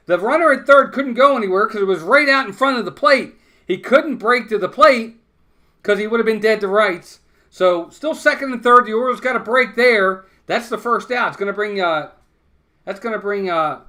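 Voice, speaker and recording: A man calling a live baseball game play-by-play, conversational and quick to get worked up over big plays and errors. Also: high-pitched. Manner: conversational, excitable on big plays, blunt criticism. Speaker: fan play-by-play commentator.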